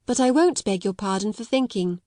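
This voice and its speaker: A woman's voice: medium pitch, expressive, a little fast, warm tone, dry recording, studio quality, natural voice. A woman voicing a proud young schoolgirl who speaks in a grand, polite, self-possessed way.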